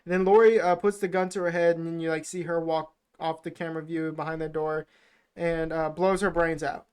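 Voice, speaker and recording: A man's voice: fairly high pitch, flat delivery, a little fast, a little mellow, clean tone. A man co-hosting a podcast, loosely retelling a film plot with lots of fillers. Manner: rambling, filler-heavy retelling. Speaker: podcast co-host. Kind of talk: casual movie recap.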